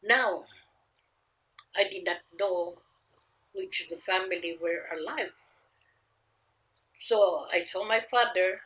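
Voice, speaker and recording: An older woman speaks in a fairly low voice, slowly and haltingly, with pauses and restarts. She is recalling her memories for an interviewer. The room is echoey, with a faint ambient hum underneath. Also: bright, forceful tone. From Philippines. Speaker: grandmother recounting wartime memories. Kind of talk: oral history interview.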